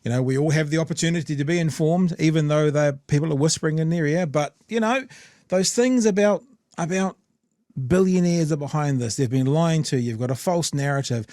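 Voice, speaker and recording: A man's voice: on the high side, fairly quick, warm tone, no echo, clean studio sound. A man with a New Zealand accent hosting a podcast, rambling in casual commentary with frequent restarts. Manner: rambling, conversational, many restarts. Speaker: podcast host.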